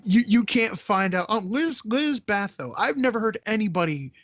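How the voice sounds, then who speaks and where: A man's voice: sits high, expressive, moderate pace, a bit bright, no room sound, lo-fi sound. A man hosting a casual movie-riff chat, ranting and swearing in exasperation. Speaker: podcast host.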